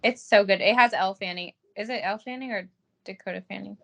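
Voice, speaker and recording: A woman's voice: mid-range voice, quick pace, creaky, a bit bright. A woman chatting enthusiastically in a casual book club talk. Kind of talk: casual chat.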